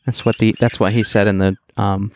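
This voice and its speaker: A man's voice: fairly low pitch, little pitch movement, a little fast, a little mellow, a little hiss or hum. A man co-hosting a podcast, recapping a movie in rambling, wry casual chat. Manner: rambling, many fillers and restarts, wry. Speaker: podcast co-host.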